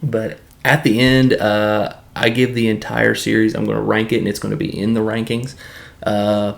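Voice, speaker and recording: A man's voice: on the low side, steady tone, normal speed, vocal fry. A man from Tennessee with a Southern accent, giving a rambling, casual video review with lots of fillers and restarts.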